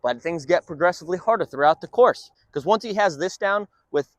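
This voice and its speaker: Male dog trainer, upbeat explainer with a high lively voice, dry close sound. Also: brisk, no room sound. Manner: upbeat explainer mixing in short firm commands to a dog.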